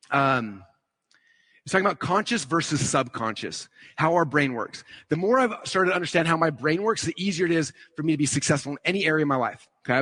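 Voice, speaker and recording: A man on stage giving an upbeat motivational seminar talk at a rapid clip, his voice slightly husky. He keeps checking in with the crowd as he explains. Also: fairly high pitch, no room sound. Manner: energetic, checks in with the audience with frequent "okay?" and "right?". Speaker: seminar speaker. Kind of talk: motivational talk to a live audience.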